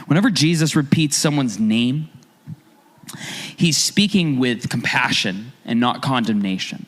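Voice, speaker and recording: Guy preaching a sermon, pitch bouncing all over, chatty, keeps asking the crowd questions. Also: unhurried. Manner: conversational, animated preaching with rhetorical questions. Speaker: pastor.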